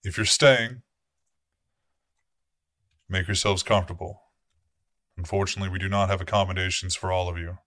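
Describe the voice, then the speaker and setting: A male vampire prince, played by a man at the table, who lays down orders in a measured, authoritative tone and swears without softening. The voice is bright and forceful, set against a dry, close sound. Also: sits low, fairly even intonation, no echo. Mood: grave. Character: commanding vampire prince, male, cold and formal.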